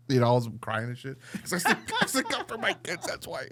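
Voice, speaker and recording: Barely pausing, the co-host rattles through his profane comedic tale at speed in a voice on the high side. He is animated throughout, voicing each person in the story and playing both sides.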